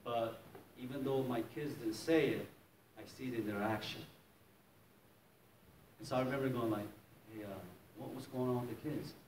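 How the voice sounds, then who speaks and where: A man's voice: medium pitch, steady tone, normal speed, long pauses, darkish tone, slight background noise. A middle-aged man, a pastor, telling a personal story in a sermon. He chuckles often and acts out the voices of the people in it. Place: church hall. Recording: echoey hall from a distance.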